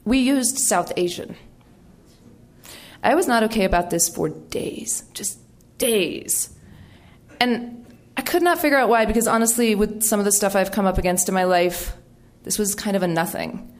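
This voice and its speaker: A middle-aged woman from the United States tells a story from her life as an author. She speaks in a wry, animated way and slips into quoted voices along the way. Her pitch sits in a middle register. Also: moderate pace. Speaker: author giving a talk. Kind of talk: storytelling talk.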